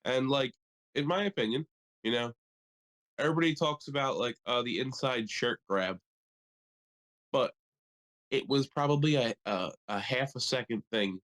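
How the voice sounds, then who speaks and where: A male podcast co-host in loose, casual chat, riffing with plenty of swearing and lots of energy. His voice sits at an ordinary middle pitch. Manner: profane, animated riffing.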